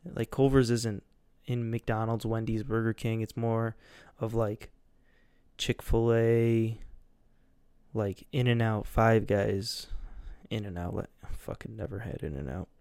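A man's voice: fairly low pitch, steady tone, slow, dark tone, clean tone, dry recording, studio quality. A young man rambling casually as a podcast host, loose and goofy, with lots of fillers and swearing.

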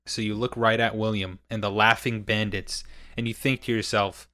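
A young man narrating a tabletop game as game master, casual and quick to laugh. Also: fairly low pitch, level tone, bright, forceful tone, no room sound, clean studio sound. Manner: laughs often, casual and upbeat.

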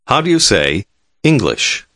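A man narrating a language lesson in a calm, measured, clearly enunciated scripted delivery. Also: lowish voice, dry recording, studio quality.

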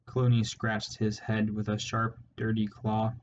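Slow, flat-voiced male narrator. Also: lowish voice. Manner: measured, steady reading. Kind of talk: audiobook narration. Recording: slightly muffled with faint hiss.

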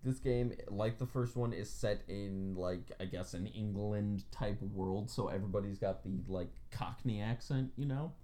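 A woman's voice: rumbling low, measured pace, hardly any pauses, warm tone. A woman co-hosting a podcast, chatting casually about a video game, laughing often and swearing freely. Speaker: podcast co-host.

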